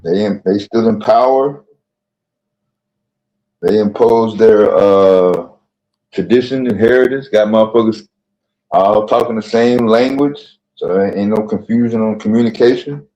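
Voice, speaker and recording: A man's voice: lowish voice, unhurried, dark tone, dull audio. A man, the host's father, speaking bluntly and matter-of-factly as a guest in a casual chat.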